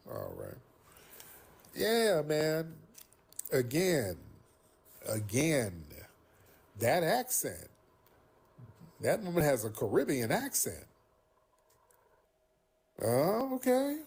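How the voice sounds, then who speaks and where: Husky, blunt male livestream host. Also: mid-range voice. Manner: blunt, profane, animated. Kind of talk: casual call-in livestream commentary.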